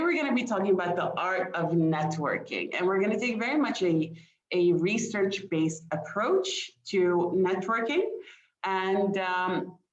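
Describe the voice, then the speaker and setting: Woman communication expert, engaging webinar presenter, lowish voice, echoey, dull recording. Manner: engaging, quizzes audience, frequent light laughs. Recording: roomy, dull lo-fi sound.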